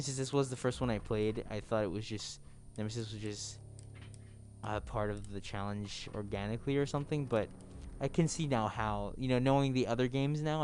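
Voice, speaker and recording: A man's voice: fairly low pitch, a little mellow, a little hiss or hum. A man commenting on a game during a livestream, chatty and rambling, laughing often. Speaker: streamer.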